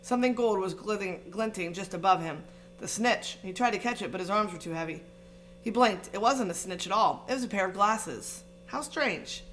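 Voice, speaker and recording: A woman narrating a fantasy novel aloud in an expressive, dramatic reading style. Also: medium pitch, normal speed, slight background noise. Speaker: audiobook reader. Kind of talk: storybook reading.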